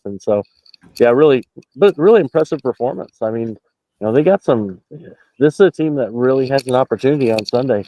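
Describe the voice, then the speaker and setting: A basketball reporter with a medium-pitched, dark voice calls in from the arena just out of the locker room, with no room sound. His postgame analysis is loose and rambling, full of fillers and restarts, over dull lo-fi call audio.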